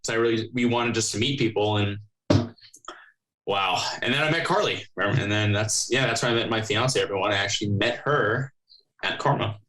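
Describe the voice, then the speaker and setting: A man's voice: on the low side, brisk, sharp tone, slight background noise, rough recording. A young man hosting a podcast, chatting casually and telling rambling stories, swearing freely. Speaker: podcast host. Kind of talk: casual chat.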